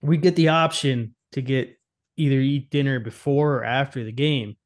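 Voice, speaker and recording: A man's voice: mid-range voice, normal speed. A young man telling stories in a casual, profane chat and laughing often.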